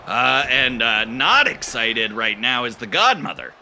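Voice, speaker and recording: Brief: man calling comedy wrestling, rambling deadpan delivery, lively pitch, noisy recording. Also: measured pace. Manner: deadpan, rambling, full of fillers. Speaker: play-by-play commentator. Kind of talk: improvised comedy wrestling commentary. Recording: noisy background.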